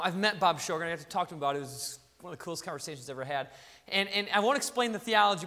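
A man, a pastor, giving a sermon in a conversational, animated, joking way in a church sanctuary. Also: high voice, in a large hall.

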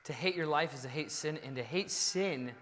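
A man preaching a sermon as pastor, swinging between loud bursts and quiet asides. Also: on the high side, normal speed. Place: church sanctuary. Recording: long reverb of a large hall.

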